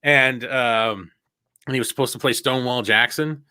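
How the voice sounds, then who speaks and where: Brief: young male co-host, casual stream chat, bright forward tone, dry close mic, laughs and swears a lot. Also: mid-range voice, steady tone, normal speed, smooth, dry recording. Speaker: podcast co-host.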